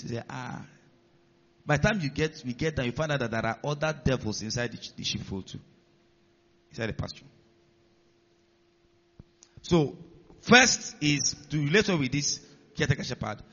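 A man preaching to his congregation, his voice sitting a little high for a man. He teaches step by step and keeps asking the listeners whether they are following him. The sound rings with long reverb and comes across muffled. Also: a bit bright. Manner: teaching with rhetorical questions to the congregation. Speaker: pastor. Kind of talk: sermon.

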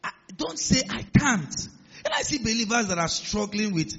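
A man preaching with a high, husky voice that leaps up and down in pitch as he pushes his points. His words ring out with a long reverb in a large church hall. The recording sounds a little muffled. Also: big pitch swings, fairly quick. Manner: emphatic preaching, rising to loud declarations. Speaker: pastor. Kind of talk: sermon.

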